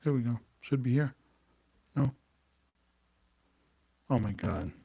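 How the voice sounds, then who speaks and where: A man's voice: mid-range voice, lively intonation, slow, vocal fry, mellow, slight background noise. A man hosting a live stream, talking bluntly and emphatically and hammering his points home. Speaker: host.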